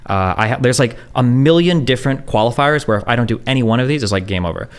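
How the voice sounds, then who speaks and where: A man's voice: medium pitch, lively intonation, clean tone. A man in a casual, rambling monologue, answering chat questions and swearing freely, with constant fillers. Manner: rapid, profane, heavy on fillers like "like" and "um".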